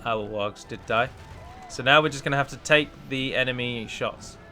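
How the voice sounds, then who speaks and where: A man's voice: mid-range voice, moderate pace, bright, forceful tone, faint music behind. A man hosting a let's play, chatting through a strategy battle and breaking down unit stats in a casual, analytical way. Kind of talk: casual gameplay commentary.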